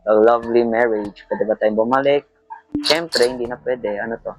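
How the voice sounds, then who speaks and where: A man commenting on a horror game as he plays, jumpy and excitable, yelping at scares. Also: medium pitch, fairly quick, dull audio, slight background noise. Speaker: gamer playing a horror game. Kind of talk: let's play commentary, mixing Tagalog and English.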